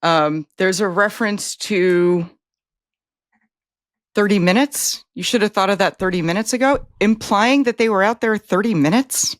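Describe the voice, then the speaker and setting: A woman's voice: mid-range voice, moderate pace, dry recording, clean studio sound. A woman co-hosting a podcast, chatting casually with wry, joking asides. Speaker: podcast co-host. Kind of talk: casual chat.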